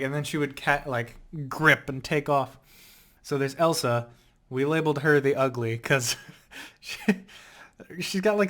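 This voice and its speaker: Rambling young man telling stories. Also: mid-range voice. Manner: rambling, animated storytelling with laughs and filler words. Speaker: vlogger. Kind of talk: casual rambling vlog chat.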